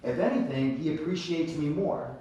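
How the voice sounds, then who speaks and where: Sales manager, man, animated, mimics clients; echoey, far from the mic. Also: fairly high pitch, moderate pace, highs cut off, slight background noise. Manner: animated storytelling, laughs, acts out calls. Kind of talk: team training talk.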